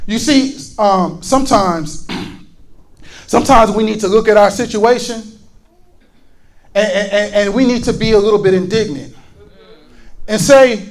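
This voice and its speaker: A man with a strikingly high voice preaches with fervor. His voice rises into shouts as he stacks up rhetorical questions. He often repeats words as he gets worked up. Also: measured pace, pauses often, rough recording. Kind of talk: fiery sermon.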